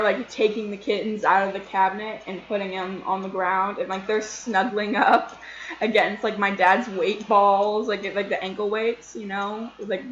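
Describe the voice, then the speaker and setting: A young woman tells a casual storytime tale in a chatty, excitable way, full of "like"s. She has a mid-range voice. The sound is slightly dull and comes with a roomy echo. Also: medium pitch, slight background noise. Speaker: vlogger.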